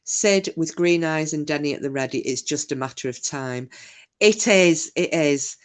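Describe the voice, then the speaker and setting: A middle-aged woman with a low voice speaks at normal speed while hosting a casual livestream. She reads chat messages aloud and trades cheeky, bawdy banter with viewers.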